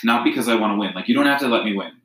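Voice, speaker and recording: Casual man co-host, lowish voice, loose rambling delivery, roomy echoey sound. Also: very fast, a bit bright. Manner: rambling, many fillers and restarts. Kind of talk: casual chat about reality TV. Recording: echoey room.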